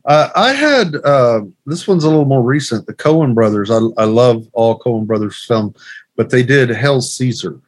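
A man co-hosting a casual film podcast, hesitant with many fillers, trailing off quietly. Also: mid-range voice, expressive, moderate pace, no room sound. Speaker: podcast co-host. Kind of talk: casual chat.

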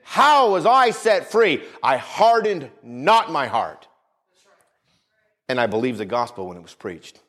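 A man preaching a sermon with emphasis, repeating phrases, dropping low and quiet for weight, and calling out for the congregation's amens. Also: big pitch swings, a little slow. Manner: emphatic, repeats phrases, calls for "Amen?" responses.

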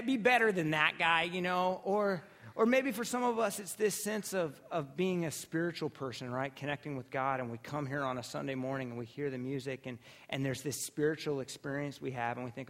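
A man preaching a sermon as pastor, telling stories casually with restarts and animated asides. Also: a little high. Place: church sanctuary.

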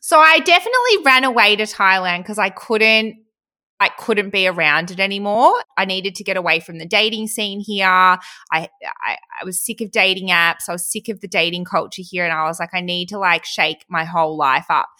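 A woman's voice: medium pitch, moderate pace, pushed and bright. A woman, hosting a casual podcast chat in a candid, chatty way and laughing often. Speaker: podcast host.

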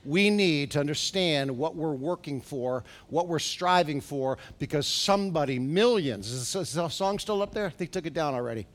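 A middle-aged man preaching a sermon as pastor in a church, asking the congregation questions and building to loud, urgent exhortations. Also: a little high, lively intonation, normal speed, hardly any pauses. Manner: preaching with rising, shouted exhortations and rhetorical questions. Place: church sanctuary.

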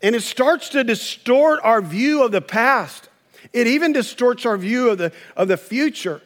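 A man's voice: extremely high pitch, expressive, normal speed, a bit bright. A man preaching a sermon in a conversational way, acting out quoted voices. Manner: conversational preaching, acts out quoted voices, chuckles at own stories. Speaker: pastor.

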